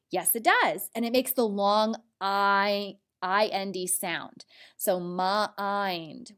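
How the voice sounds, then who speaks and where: Slow, lively-voiced woman teacher. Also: mid-range voice. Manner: clear, encouraging classroom delivery, spelling out letters. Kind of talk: recorded spelling mini lesson.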